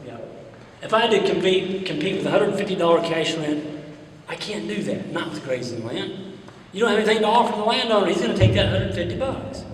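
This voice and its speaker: A man from the United States with a Midwestern accent gives a folksy, plain-spoken conference talk with audience questions in a large hall, telling stories full of quoted back-and-forth. His voice is high-pitched, brisk, and lively in intonation. The hall sounds roomy, and he's heard from a distance.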